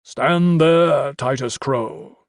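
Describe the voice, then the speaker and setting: A man's voice: very high voice, animated, extremely slow, darkish tone, no echo, studio quality, voice pushed up, full character voice. A man voicing a frantic male cult wizard who shrieks commands in a gurgling, glutinous voice. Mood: commanding.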